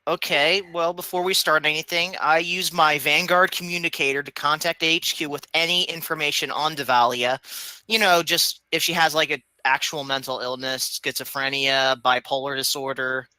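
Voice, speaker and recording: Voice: mid-range voice, fairly even intonation, moderate pace, pushed and bright, smooth, dry recording, rough recording. A player in a casual tabletop game session, talking eagerly and chattily.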